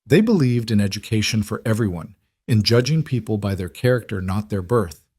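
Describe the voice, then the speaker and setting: A man voicing a calm, firm frontier schoolteacher woman. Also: mid-range voice, fairly quick, husky, no echo, studio quality.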